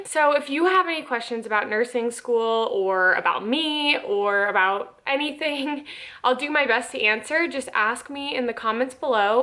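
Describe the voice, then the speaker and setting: A woman's voice: a little high, fairly bright tone. Chatty young woman vlogging. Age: 20s. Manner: chatty, frequent "like" fillers, upbeat. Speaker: nursing student vlogger. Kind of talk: casual vlog talk to camera.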